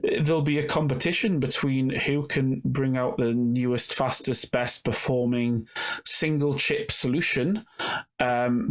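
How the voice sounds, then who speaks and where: A man co-hosting a podcast in casual chat, rambling and jokey. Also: on the high side. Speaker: podcast co-host.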